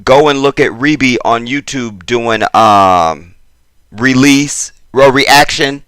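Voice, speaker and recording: A man's voice: mid-range voice, slow pace, dry recording. Exasperated man ranting to his viewers. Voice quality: swings between loud emphasis and muttered asides. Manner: exasperated, chatty, addresses viewers directly. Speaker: YouTube commentator. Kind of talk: casual commentary vlog.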